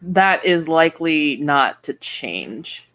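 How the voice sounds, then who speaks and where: A woman playing a tabletop game who speaks in a formal, measured, somewhat hesitant manner in character. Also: sits low, big pitch swings, a bit bright. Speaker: player.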